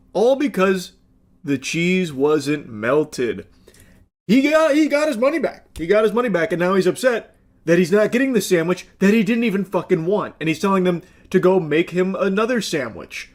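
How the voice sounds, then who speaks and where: A man's voice: high voice, animated, moderate pace. A man commenting on a video clip in a sarcastic, exasperated way, swearing bluntly. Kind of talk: reaction commentary.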